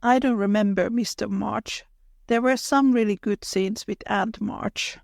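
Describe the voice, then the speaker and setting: A woman's voice: mid-range voice, steady tone, a little slow, creaky, darkish tone, dry recording, clean studio sound. A woman co-hosting a podcast, thoughtfully adding details from the book in casual chat. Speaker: podcast co-host.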